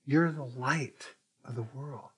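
A man's voice: mid-range voice, slow, slightly rough. A man preaching a sermon, telling a story in a conversational way and quoting the people in it. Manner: conversational, retells dialogue with quoted voices. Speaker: pastor.

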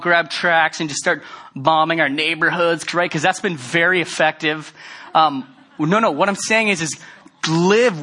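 A man preaching a sermon, talking casually and earnestly, then building to loud, emphatic stretches. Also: a little high. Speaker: pastor.

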